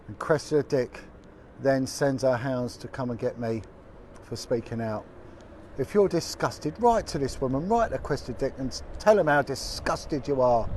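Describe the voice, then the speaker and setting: A man's voice: mid-range voice, slight background noise. A man, a former detective giving a blunt, indignant, colloquial video update. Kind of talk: impassioned direct-to-camera update.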